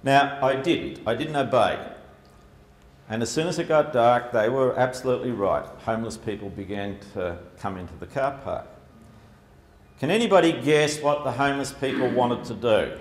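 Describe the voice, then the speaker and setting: Speaking at a moderate pace in a mid-range voice, this Australian man delivers a humorous, filler-heavy presentation with slides. The recording comes from an echoey lecture hall with a bit of background noise.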